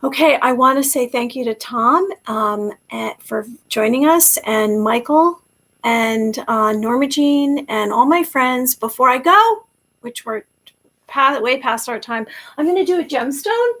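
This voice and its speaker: A woman's voice: on the high side, expressive, measured pace, fairly bright tone. A woman hosting a talk show, effusive and grateful, with many fillers as she wraps up. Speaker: host.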